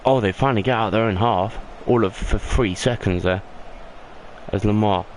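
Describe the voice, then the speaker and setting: A young man commentates on his own video game football match, in a lowish voice that climbs with excitement at the big moments. His casual play-by-play comes through a home recording with plain background noise. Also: normal speed, poor audio. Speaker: gaming YouTuber. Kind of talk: mock football commentary over gameplay.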